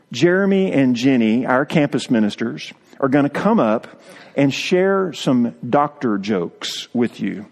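A man's voice: medium pitch, darkish tone, in a large hall. A male pastor preaching a sermon in an earnest way, often repeating words as he goes.

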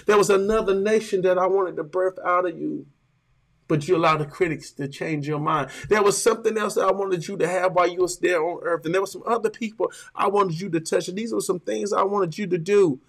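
A man preaches to his congregation in a gravelly, somewhat high voice. He leans into his emphasis and stretches words out slowly for weight. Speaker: pastor. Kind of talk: sermon.

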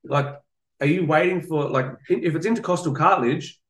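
A man's voice: fairly high pitch, brisk. A man hosting a casual podcast chat, a fight coach talking bluntly and with energy. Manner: blunt, animated, swears, repeats himself. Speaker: podcast host, combat sports coach. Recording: roomy echo.

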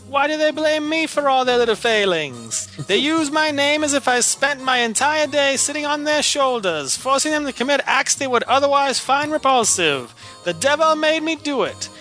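A scornful, weary king of hell speaks a monologue, read aloud by a man. His voice sits very high and bright, with a measured, bitter delivery that lingers on each complaint. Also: exaggerated voice. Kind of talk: dramatic reading of a monologue.

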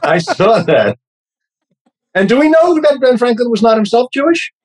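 A man's voice: very high-pitched, big pitch swings, normal speed, slight background noise, low-quality recording. A man in his sixties with a New York accent, a podcast guest telling wry, self-deprecating stories. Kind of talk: casual interview chat.

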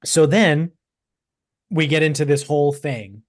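A man around thirty with a Boston accent, co-hosting a podcast and telling stories in an animated, profane way. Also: a little high, measured pace, no room sound, clean studio sound. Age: 30s. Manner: animated, swearing storyteller. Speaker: podcast co-host. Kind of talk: casual chat.

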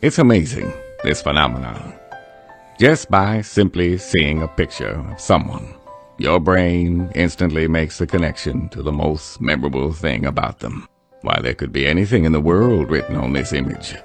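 A deep, slow, stately old narrator. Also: male voice, creaky, full character voice. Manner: slow, stately, musing delivery. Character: impression of a famous older male narrator, slow and grand. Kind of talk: comedy voice impressions.

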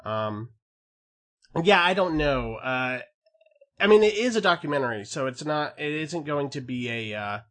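With a fairly high, expressive voice and a fairly bright tone, this male podcast co-host keeps a measured pace while rambling casually through many fillers and restarts.

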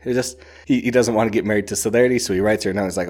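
A man's voice: fairly low pitch, fairly even intonation, racing, darkish tone. Enthusiastic man gushing about a book. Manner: enthusiastic, rambling, many "like"s. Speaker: book reviewer. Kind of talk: casual book discussion.

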